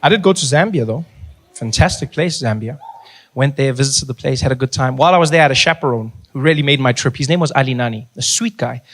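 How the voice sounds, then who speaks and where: A man telling a stand-up story, relaxed, mimicking the people he meets. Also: medium pitch, fast. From South Africa. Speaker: stand-up comedian.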